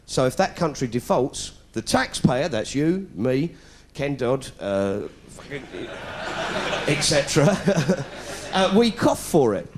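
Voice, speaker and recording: A man's voice: medium pitch, big pitch swings, slow, slight background noise. A middle-aged British man telling a sarcastic stand-up story, putting on voices as he goes. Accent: British English. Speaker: comedian. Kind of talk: stand-up comedy routine. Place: stage before a live audience.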